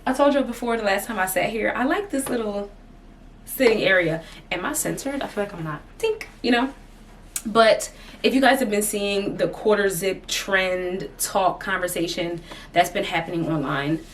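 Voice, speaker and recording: A woman's voice: mid-range voice, distant mic, a little hiss or hum. A woman vlogging casually from her sitting area at home, chatty and laughing often between thoughts. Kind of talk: casual chat to camera.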